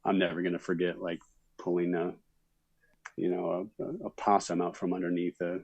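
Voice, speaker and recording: Deep, flat-voiced man telling stories. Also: brisk, gravelly, slightly rough, no echo, highs cut off. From Minnesota. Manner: relaxed storytelling, many fillers. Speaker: actor guest. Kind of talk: casual interview chat.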